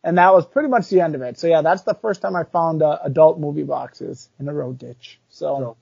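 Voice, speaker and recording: A man telling a childhood story in casual chat, animated and chatty, full of fillers. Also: on the high side, brisk, creaky, slightly rough, no room sound. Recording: dull lo-fi recording.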